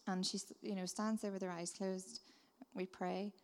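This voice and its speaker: Earnest woman's testimony, gravelly, echoing hall. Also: mid-range voice, level tone, moderate pace, slight background noise. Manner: earnest, heartfelt storytelling. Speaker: missionary speaker. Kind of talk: testimony talk. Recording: reverberant hall.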